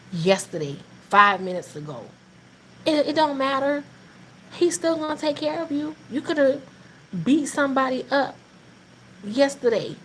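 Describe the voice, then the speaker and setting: A woman with a high voice hosts a live faith talk stream, blending casual encouragement with funny family stories. She's animated and laughing, preaching encouragement in Southern Black vernacular, and the audio is poor with slight background noise.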